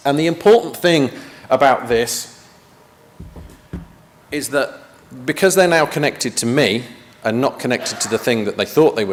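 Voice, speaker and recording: A man's voice: medium pitch, slight background noise. A man giving a conference talk in a chatty style, with joking asides, in a meeting room. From United Kingdom. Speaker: conference presenter. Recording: long reverb of a meeting hall.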